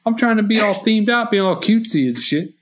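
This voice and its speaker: A man's voice: sits high, lively intonation, brisk. A man co-hosting a movie podcast in casual chat, ranting in mock exasperation and swearing freely. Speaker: podcast co-host.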